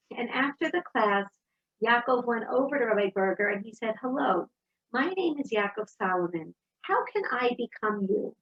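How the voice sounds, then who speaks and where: Storytelling woman, slightly husky. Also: a little high, muffled recording. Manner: storytelling, warm and animated. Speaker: speaker. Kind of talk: inspirational talk.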